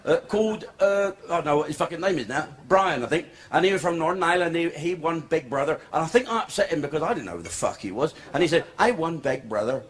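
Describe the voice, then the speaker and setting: A man's voice: fairly high pitch, animated, fast, few pauses, a bit bright. A man doing a crude, swearing stand-up comedy set in a club. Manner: crude, swearing, brash storytelling. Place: comedy club stage before a laughing audience. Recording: live club recording, crowd and noise.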